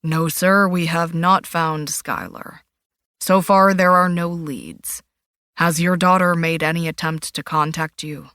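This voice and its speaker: A woman voicing a steady male detective who asks measured questions in a lowered, firm voice. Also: no room sound, clean studio sound. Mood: probing. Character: steady male detective, polite then sharp.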